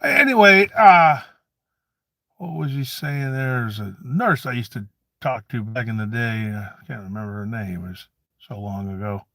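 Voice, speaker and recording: A man's voice: high-pitched, expressive, unhurried, dry recording. A man voicing a preachy, forgetful old grandfather who rants, stammers and drifts into rambling asides in a satirical comedy monologue.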